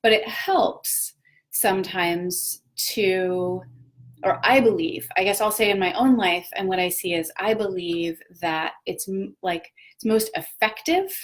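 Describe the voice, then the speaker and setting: A woman, a parent, hosting a casual live talk on personal growth, chatty and reflective, with many fillers and self-corrections. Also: medium pitch. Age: adult parent of children. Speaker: host of a live video talk.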